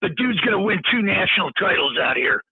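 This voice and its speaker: A man's voice: sits high, very animated, fairly quick. A man giving blunt, opinionated takes in casual sports talk, heard over a remote call. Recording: dry, tinny phone-like line.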